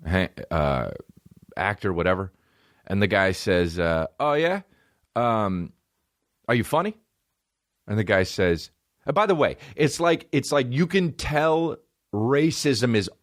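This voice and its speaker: Male podcast host in his thirties, lively comic storyteller, profane and rambling, mid pitch with very animated swings. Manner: rambling, profane, acts out quoted people in shifting voices. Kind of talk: comedic storytelling.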